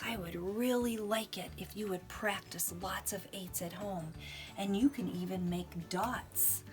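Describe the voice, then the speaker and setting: A middle-aged woman teaching young children, animated and sing-song, sometimes dropping to soft whispers. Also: medium pitch, unhurried, faint music behind. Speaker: preschool teacher. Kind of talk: children's lesson and storybook read-aloud.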